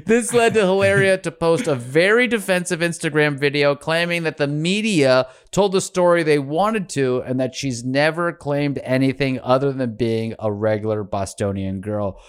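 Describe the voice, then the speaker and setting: A man's voice: on the high side, moderate pace, few pauses, clear, resonant tone. A man hosting a podcast in casual, joking chat, laughing often and swearing freely. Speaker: podcast host.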